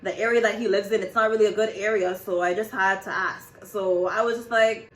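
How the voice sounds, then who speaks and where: A woman's voice: medium pitch, fairly even intonation, brisk, fairly bright tone, echoey room, poor audio. A woman telling a story in a casual, chatty way, swearing freely and saying "like" a lot.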